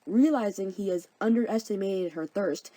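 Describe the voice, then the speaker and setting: Give me a flippant young woman narrating a comedic recap, warm and dry. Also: medium pitch, moderate pace, no echo, rough recording. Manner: flippant, slangy. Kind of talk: comedic story summary.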